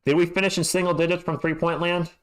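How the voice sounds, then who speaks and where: A man's voice: fairly high pitch, little pitch movement, fast, clear, resonant tone. Exasperated male fan calling a game. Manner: exasperated, ranting, stammers when upset. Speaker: fan livestream host giving play-by-play. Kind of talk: fan play-by-play commentary.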